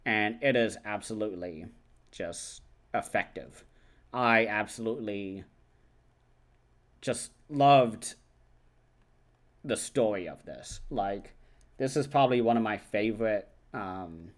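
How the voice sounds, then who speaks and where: Chatty man recapping a film, slightly low. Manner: loose, chatty retelling with many fillers; acts out characters' lines in quick asides. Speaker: film review channel host. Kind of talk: casual film recap and review.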